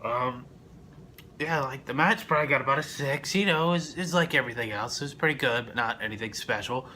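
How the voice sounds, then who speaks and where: A young man gives a loose, swear-heavy wrestling recap in a bright, forceful voice. He wanders through his points, then bursts out loudly before dropping back to a mutter, with faint noise underneath. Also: mid-range voice, a little fast. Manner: profane and rambling, with loud outbursts. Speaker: wrestling reviewer. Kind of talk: casual review vlog.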